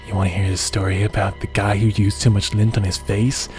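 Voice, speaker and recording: A man's voice: on the low side, level tone, a little fast, a little mellow, faint music behind. Sarcastic guy reacting with swears. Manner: sarcastic, swearing, laughing often. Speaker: reaction video host. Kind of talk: casual reaction commentary.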